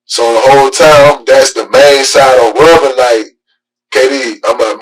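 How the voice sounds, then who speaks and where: A father answering police questions in a halting, rambling way, full of filler words. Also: mid-range voice, steady tone, distant mic, a little hiss or hum, rough recording. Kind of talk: police interview.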